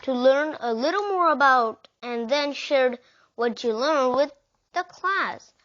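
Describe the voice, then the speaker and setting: Brief: woman voicing a patient but firm teacher in a storybook, high voice. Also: lively intonation, slow pace, a bit bright, heavily acted. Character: patient female schoolteacher, firm but kind. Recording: dull lo-fi recording.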